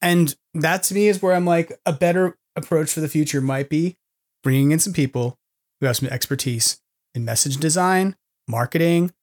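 A man's voice: fairly high pitch, normal speed. A man hosting a podcast in casual chat, rambling and self-deprecating, laughing often. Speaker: podcast host.

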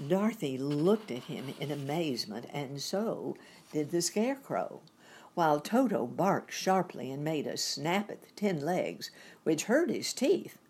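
A woman reads a classic children's story aloud at an unhurried pace. Her low, breathy voice swoops widely across each line. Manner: slow, expressive reading. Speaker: narrator. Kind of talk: storybook reading.

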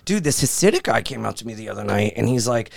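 A man chatting as a guest on a podcast, telling animated stories and acting out the other people in them. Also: on the low side, fast, gravelly, no room sound. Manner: animated storyteller who acts out other people's lines. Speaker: guest comedian. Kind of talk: casual podcast chat.

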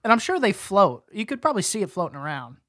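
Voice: medium pitch, big pitch swings, fast talker, fairly bright tone, dry recording, studio quality. A young co-host in a casual podcast chat, teasing and provocative, who laughs often.

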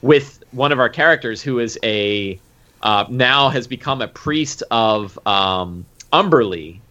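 A man who runs a tabletop game, recapping a session in casual, animated chat with lots of fillers. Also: mid-range voice, unhurried. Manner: animated, full of fillers and acted quotes. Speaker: game master. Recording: dull lo-fi recording.

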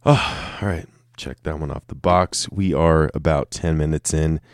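Deep-voiced man rambling on a solo podcast. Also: measured pace, no room sound, studio quality. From Colorado, United States. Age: 30s. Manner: rambling, self-mocking, swears freely. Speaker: podcast host. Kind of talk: casual solo podcast monologue. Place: room with a camera and light set up.

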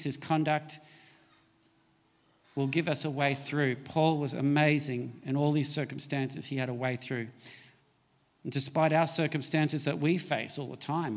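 A man's voice: mid-range voice, long reverb tail. A man preaching a sermon as a pastor, pressing his points with emphatic, rising delivery.

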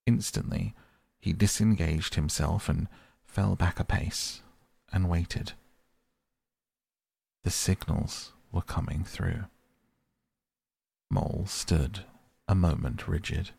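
A man reading a classic storybook aloud in a measured, gentle storytelling manner. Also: low-pitched, gravelly, breathy edge. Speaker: narrator.

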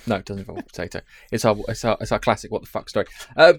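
A man's voice: fairly low pitch, very fast, creaky. Joking, rambling male podcast host. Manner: jokey, rambling, swears casually. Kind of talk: casual chat.

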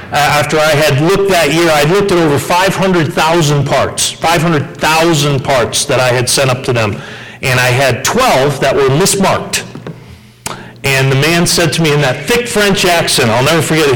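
A male pastor preaching an earnest, story-driven sermon, with frequent restarts and fillers, slowing down to stress key phrases. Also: fairly high pitch, a bit bright, poor audio. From United States.

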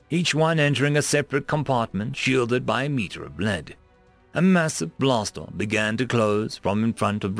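Expressive male story narrator. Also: mid-range voice, dry recording. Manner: expressive reading that rises and falls. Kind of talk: reading sci-fi stories aloud.

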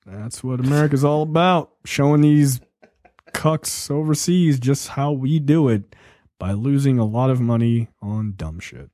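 A man's voice: mid-range voice, unhurried, mellow, dry recording. Sarcastic rambling man, dry sound. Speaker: podcast co-host. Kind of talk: casual political banter.

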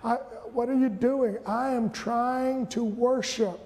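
An older man preaching a sermon, rising to shouted peaks and dropping into playful asides. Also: very high voice, fairly even intonation, takes it slowly, long reverb tail. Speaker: pastor. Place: church sanctuary.

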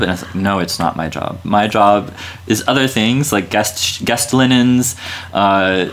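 A man's voice: on the low side, moderate pace, a bit bright, a little hiss or hum. A man in his thirties, a friar, talking casually in an interview, rambling with lots of fillers and restarts and laughing easily. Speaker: Dominican friar guest.

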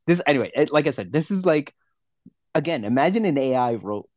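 A man's voice: a little high, lively intonation, brisk, darkish tone, dry recording. A man co-hosting a casual movie review podcast, ranting and swearing in a rambling way. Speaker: podcast co-host.

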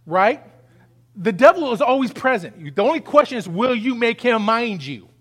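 Male pastor, very high voice, sermon, rising intensity, call-and-response. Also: very animated, normal speed, slightly rough. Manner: acts out pleading voices.

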